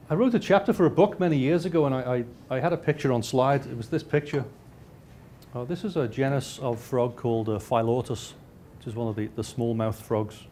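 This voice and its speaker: A man's voice: medium pitch, mellow, slight background noise. Man lecturing with dry humour. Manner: frequent restarts, dry self-mocking humour. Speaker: lecturer and researcher. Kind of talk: lecture with slides.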